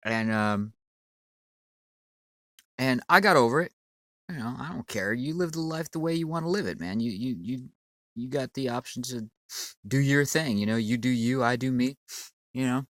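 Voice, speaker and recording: A man's voice: medium pitch, moderate pace, pauses often, fairly bright tone, no room sound. A man with a sinus cold delivering a profane, rambling, stammering rant at a commenter on his channel. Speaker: channel owner. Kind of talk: ranting monologue.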